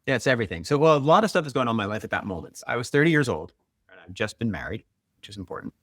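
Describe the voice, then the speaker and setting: A middle-aged man, a guest author and marathoner, telling stories in a quick, animated, conversational way, full of "like" and "right?". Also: medium pitch, no room sound, studio quality. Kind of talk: conversational storytelling.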